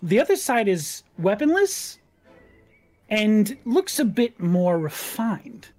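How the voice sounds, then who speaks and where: A woman's voice: slow pace, soft background music. A woman narrating scenes as game master in a tabletop game, often laughing. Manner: descriptive, laughs often, lively pitch.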